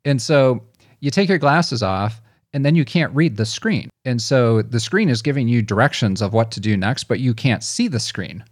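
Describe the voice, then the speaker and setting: A man's voice: medium pitch, lively intonation, normal speed, dry recording. Laughing, rambling man, dry sound. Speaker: podcast co-host. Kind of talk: casual chat.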